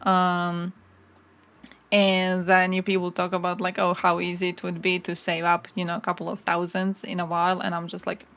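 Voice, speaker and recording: A woman's voice: fairly low pitch, monotone, normal speed, fairly bright tone. Sarcastic, swearing young woman streamer. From Croatia. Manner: chatty, sarcastic, swears freely, reads aloud from screen. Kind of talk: casual live-stream chat.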